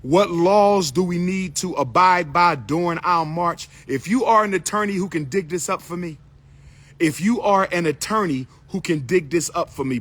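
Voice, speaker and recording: Middle-aged male activist, husky and breathy, preaching with fiery repetition. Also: high voice, normal speed. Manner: preaching, repeats his calls and pleas. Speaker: activist speaker. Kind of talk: impassioned speech.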